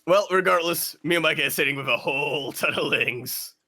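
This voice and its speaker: Man, esports caster, live commentary, chatty, fairly high voice. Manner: chatty, laughs easily, quick excited bursts.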